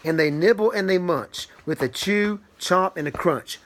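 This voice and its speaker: A man reading a rhyming picture book aloud to a child, animated and sing-song, praising the child along the way. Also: high voice, moderate pace, a little hiss or hum.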